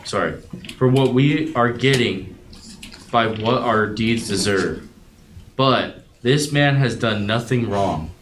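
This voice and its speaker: A man reading scripture aloud at a Bible study, then reflecting on it in an earnest, thoughtful way. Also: mid-range voice. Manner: earnest and reflective, with some halting restarts. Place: room at a group Bible study. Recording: echoey room with loud background noise.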